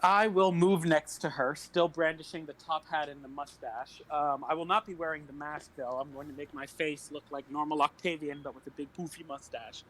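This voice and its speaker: A man's voice: a little high, steady tone, normal speed, few pauses, fairly bright tone, slight background noise, low-quality recording. Theatrical man playing a flowery bard. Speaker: player. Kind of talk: playing a bard in a tabletop game.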